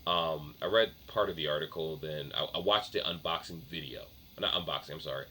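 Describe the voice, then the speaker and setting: A man's voice: very deep voice, a little fast, pushed and bright, slight background noise. A man talking casually in a tech vlog, chatty and offhand, often correcting himself. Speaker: tech vlogger.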